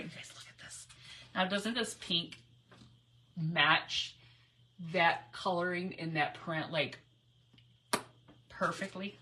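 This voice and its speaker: A woman's voice: fairly low pitch, bright, forceful tone, slight background noise. A middle-aged woman hosting a live crafting stream, chatting and telling stories in a rambling, giggly way while she works at her craft table. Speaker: crafting livestream host. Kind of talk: casual live crafting chat.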